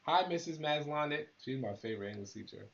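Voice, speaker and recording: A man's voice: on the high side, expressive, quick pace, vocal fry, fairly bright tone, lo-fi sound. A man hosting a live stream, talking casually and rambling straight to his viewers. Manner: laid-back, rambling, talks straight to viewers. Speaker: battle rap channel host.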